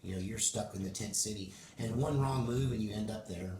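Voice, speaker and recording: A man's voice: on the low side, fairly quick. A middle-aged man with a Texas accent, a band member chatting folksily in an interview, with many fillers. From Oregon. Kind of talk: casual interview chat. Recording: echoey room with crowd noise.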